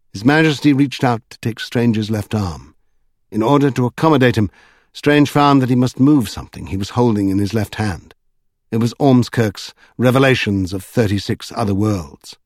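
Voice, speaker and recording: In clean studio sound with a dry recording, a man at medium pitch performs scripted narration of a novel. As an audiobook narrator, he keeps a measured storytelling tone.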